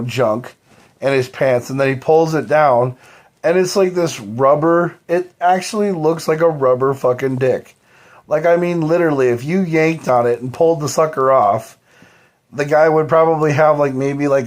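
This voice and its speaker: A man on a live stream, rambling on at length, swearing freely and leaning on fillers like "you know" and "like". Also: mid-range voice. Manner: profane, rambling, heavy fillers.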